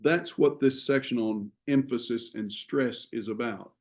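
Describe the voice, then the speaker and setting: A man teaching a class on writing, explaining ideas in a measured way with frequent pauses. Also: mid-range voice, a little mellow. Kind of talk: classroom lecture.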